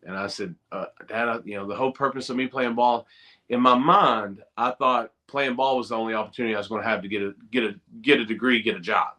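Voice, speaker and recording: Brief: middle-aged man, guest on a video call, bright forceful voice, animated storyteller. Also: mid-range voice, quick pace. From Eastern Kentucky. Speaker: guest, former college football player. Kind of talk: storytelling in a podcast interview.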